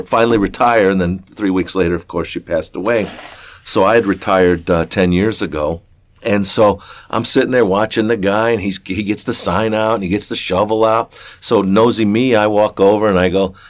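An older man with a deep, low-pitched voice tells a story at an easy, rambling pace. He speaks casually and folksily, with plenty of "uh"s and restarts. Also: fairly even intonation, normal speed. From southern Ohio. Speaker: interview guest.

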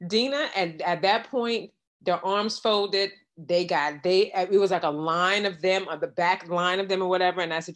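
A woman's voice: lowish voice, moderate pace. A middle-aged woman telling a personal story in casual conversation, acting out the exchanges she quotes. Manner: animated retelling with quoted exchanges. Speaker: guest.

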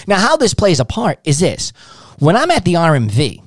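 A man giving sales advice in a loose, profane style, his pitch swinging widely as he acts out both sides of his stories. The sound is dry and close, with no room around it. He is blunt and direct. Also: huge pitch swings, moderate pace, no room sound. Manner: blunt, swearing, acts out dialogues. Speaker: sales trainer.

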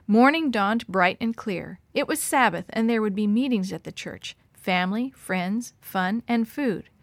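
A woman storyteller reading a children's story aloud in an expressive, animated way. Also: mid-range voice, a little slow, no echo.

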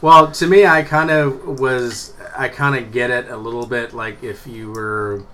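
A man's voice: mid-range voice, steady tone, a little slow, bright, forceful tone. A man co-hosting a casual podcast, rambling and hedging, with casual swearing. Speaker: podcast co-host. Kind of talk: casual chat.

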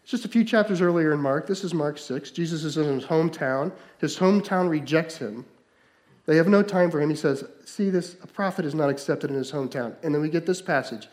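A male pastor preaching a sermon, moving between loud, emphatic stretches and hushed, slowed-down lines. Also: on the high side.

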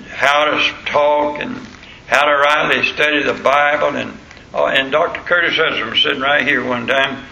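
An older man with a drawl delivers a homespun sermon, rambling through personal stories with plenty of "uh"s. His voice is gravelly yet bright and cutting. It rings out through an echoey church sanctuary. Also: on the high side, a little hiss or hum. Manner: plain-spoken, storytelling, frequent "uh" fillers. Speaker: pastor. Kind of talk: folksy sermon.

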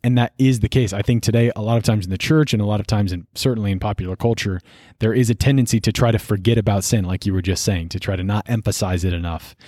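Young male seminarian, low voice, earnest explainer, dry close mic. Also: fairly even intonation, fast talker, hardly any pauses, no room sound. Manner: earnest, explanatory, gently preachy. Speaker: podcast co-host, seminarian. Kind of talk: casual faith discussion.

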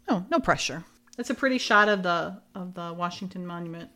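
A woman's voice: fairly low pitch, brisk, sharp tone. A woman co-hosting a casual chat, retelling scenes with frequent laughter. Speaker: podcast co-host. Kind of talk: casual chat recapping a show.

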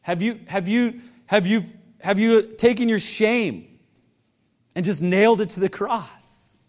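A man's voice: high-pitched, slow pace, darkish tone. A male pastor preaching a sermon earnestly, building emphasis with repeated questions to the congregation.

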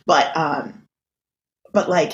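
A woman's voice: sits low, steady tone, extremely slow, dull audio. A woman co-hosting a podcast in casual chat, rambling with many fillers and restarts over a video call. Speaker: podcast co-host.

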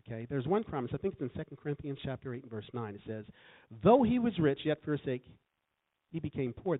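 Guy preaching in a church, bit high voice, swings all over, sounds tinny like a phone. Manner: lively, calls for congregation responses. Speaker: guest preacher. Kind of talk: sermon.

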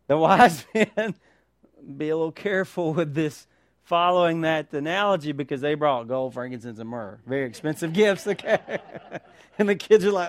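Animated preaching man, high lively voice. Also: moderate pace, dry recording, clean studio sound. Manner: animated, rhetorical questions, calls for amen. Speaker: pastor. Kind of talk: sermon.

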